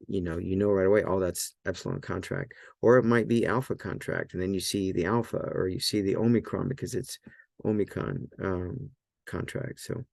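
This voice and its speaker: A man teaching a language lesson in a relaxed, loose way, often checking in with "right?" and filler words. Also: low-pitched, vocal fry, no echo, clean studio sound. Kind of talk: casual explanatory lesson.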